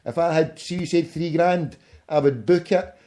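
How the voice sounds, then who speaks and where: A man's voice: a little high, normal speed, mellow. A Scottish man in casual chat, blunt and profane, dropping "mate" often. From Scotland.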